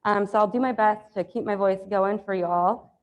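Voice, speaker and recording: A woman with a hoarse, allergy-worn voice, teaching an exam review class in a chatty, upbeat way with many fillers. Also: mid-range voice, fairly even intonation, normal speed. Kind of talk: classroom lecture. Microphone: lapel mic.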